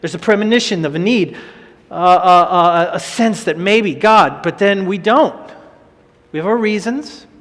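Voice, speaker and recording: A man preaching a sermon in an animated, conversational way, often repeating phrases for emphasis. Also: high-pitched, unhurried, in a large hall.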